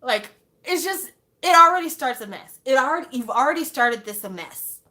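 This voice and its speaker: A young woman talking casually to camera as a fan, animated and exclaiming, full of rhetorical questions. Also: sits high, moderate pace. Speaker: fan vlogger.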